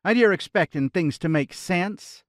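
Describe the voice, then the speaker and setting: A man's voice: high-pitched, expressive, unhurried, no room sound, voice pushed up. A wry young woman adventurer with a distinct southern twang, put on by a male narrator, scoffing good-naturedly and teasing her companions. It is read in a dry, close audiobook voice. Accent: American Southern.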